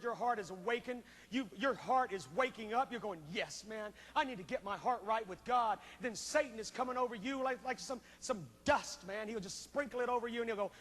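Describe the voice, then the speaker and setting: A man's voice: very high voice, in a large hall. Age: adult. Sex: man. Style: fiery revival sermon. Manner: impassioned, swings from shouting to hushed pleading. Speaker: revival preacher. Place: large church auditorium.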